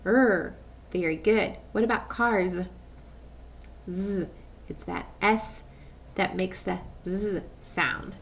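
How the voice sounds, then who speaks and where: A woman's voice: medium pitch, creaky, recorded from a distance, slight background noise. A woman teacher giving a phonics lesson to young children, patiently sounding out words and asking questions. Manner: slow, patient, stretches out sounds and asks questions.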